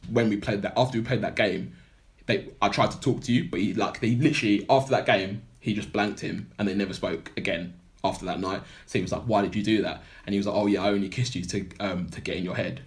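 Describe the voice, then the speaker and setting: A young man talks through a film plot in a casual podcast chat. His voice sits a little low, and his telling wanders, with fillers and restarts piling up. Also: steady tone, fast. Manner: rambling storyteller, heavy filler words. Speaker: podcast co-host.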